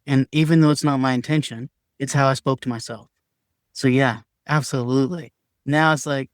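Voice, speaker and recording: A man's voice: medium pitch, steady tone, moderate pace, no echo, studio quality. A man talking candidly as a podcast guest, earnest and emphatic, sometimes acting out his own past words in a raised voice. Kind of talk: candid conversational sharing.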